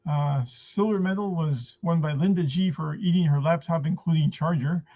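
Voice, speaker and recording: A man doing stand-up jokes over a video call, halting with many fillers, clearing his throat and giggling at his own lines. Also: fairly high pitch, mellow. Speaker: stand-up comedian. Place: at home in front of a green screen. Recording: muffled lo-fi video call audio.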